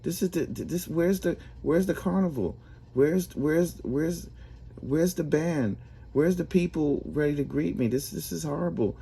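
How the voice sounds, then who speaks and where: A man's voice: unhurried, creaky, dark tone, husky, full character voice. A man doing a panicked, stammering damned man. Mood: frantic pleading. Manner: high-pitched, stammering complaints.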